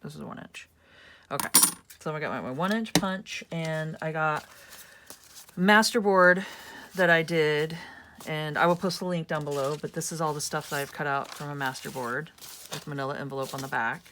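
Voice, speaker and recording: A woman's voice: low voice, normal speed, fairly bright tone, a little hiss or hum. A woman hosting a casual craft tutorial, chatting and thinking aloud as she works at home. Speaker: craft channel host.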